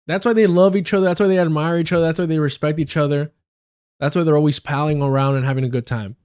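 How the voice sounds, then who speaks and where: A man's voice: on the high side, fairly even intonation, quick pace, darkish tone, clean tone. A man hosting a livestream, giving heated and sarcastic political commentary with frequent swearing. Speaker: livestream host.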